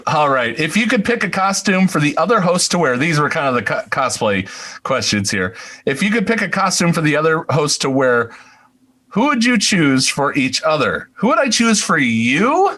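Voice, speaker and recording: A man's voice: a little high, big pitch swings, normal speed, sharp tone. Easygoing man hosting a podcast. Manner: easygoing, laughs often, runs the segments. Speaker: podcast co-host. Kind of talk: casual chat.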